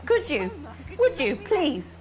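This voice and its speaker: A woman's voice: high-pitched, wildly swooping pitch, slow, heavily acted, rough recording. An actress playing a posh woman TV presenter who is obsessive and unhinged under a put-on posh voice. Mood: pleading. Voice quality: posh put-on voice slipping into broad Irish. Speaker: TV presenter character. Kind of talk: comic drama monologue.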